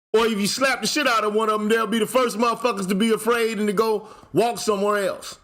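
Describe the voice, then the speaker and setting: A man's voice: sits high, steady tone, fast, hardly any pauses, a bit bright. A man hosting his channel, ranting in casual commentary, blunt and profane, firing off repeated rhetorical questions. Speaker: channel host.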